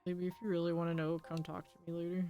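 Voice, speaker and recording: Low-voiced woman streamer reading game text. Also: flat delivery, fast talker, dark tone, faint music behind. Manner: reads story lines aloud then reacts with laughs and swearing. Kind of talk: casual let's-play commentary, reading game dialogue aloud.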